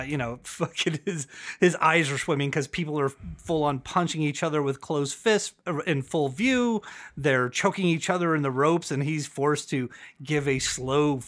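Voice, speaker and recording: A man co-hosting a podcast, chatting casually in a rambling, profane, animated way. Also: fairly high pitch, moderate pace. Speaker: podcast co-host. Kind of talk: casual chat about wrestling.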